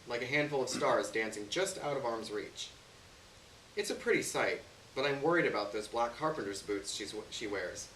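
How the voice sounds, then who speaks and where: Expressive male reader in a roomy hall. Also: medium pitch. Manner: expressive storytelling. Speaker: story reader. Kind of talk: live literary reading, first-person narration. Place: stage venue. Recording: roomy, distant, faint hiss.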